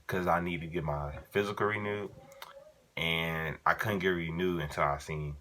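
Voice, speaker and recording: A man's voice: low-pitched, steady tone, moderate pace, sharp tone, slight background noise. A young man vlogger telling a casual story in slangy, profane, laid-back talk.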